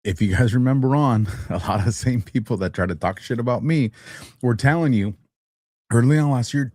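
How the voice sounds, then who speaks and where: A man's voice: mid-range voice, lively intonation, fairly quick, mellow, dry recording, studio quality. A man hosting a livestream show, talking casually and animatedly, teasing his chat and laughing often. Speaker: host.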